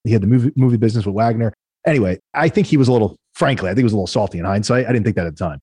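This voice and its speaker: A man, a podcast guest and entrepreneur, telling stories quickly in a casual interview and acting out the people he quotes. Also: on the low side, slightly rough, dry recording. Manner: fast, animated storytelling, acting out quoted people.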